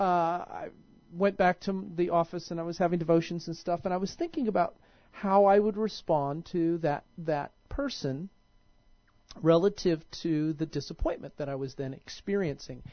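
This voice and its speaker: A male pastor with a high voice preaches a sermon in church, casual and conversational, frequently stopping and restarting his sentences. The recording is dry, dull, and lo-fi.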